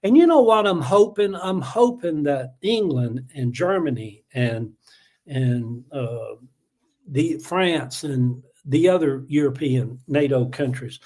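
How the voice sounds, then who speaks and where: On his casual livestream, a middle-aged Atlanta, USA, native with a Southern accent launches a heated, rambling political rant, chuckling and using plenty of fillers. His voice sits on the high side and sounds animated and warm, and he speaks slowly.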